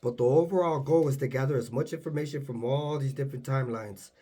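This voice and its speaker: A young man casually retelling a vivid dream in a hushed, low-key way, acting out the dialogue. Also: fast talker, breathy edge. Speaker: storyteller.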